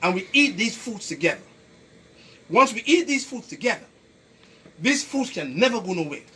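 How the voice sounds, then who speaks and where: A man's voice: high voice, sing-song, normal speed, bright, forceful tone, breathy edge. A man with a Caribbean accent giving a preachy, emphatic health talk, repeating his points and quizzing the people listening. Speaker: health educator. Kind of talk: lively health talk to an audience.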